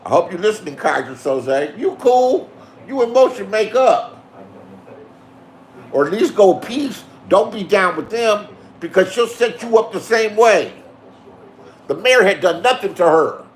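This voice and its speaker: A man telling a profane story in a boastful rant, swearing and insisting that what he says is the truth. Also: sits high. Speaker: online show host.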